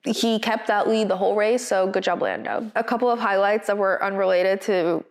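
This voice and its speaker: A woman co-hosting a podcast, giving a chatty, expressive recap of a race in a casual style. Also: medium pitch, moderate pace. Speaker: podcast co-host.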